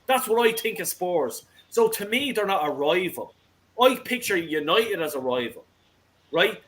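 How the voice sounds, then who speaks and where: A man's voice: sits high, big pitch swings, a little slow, fairly bright tone, poor audio. A man hosting a football fan call-in show, ranting heatedly with constant swearing.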